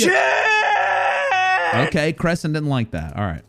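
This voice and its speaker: A man streaming a game live, with a lively, bouncing pitch as he rambles playfully. He swings between loud outbursts and quiet mumbles. Faint music plays behind him. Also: unhurried.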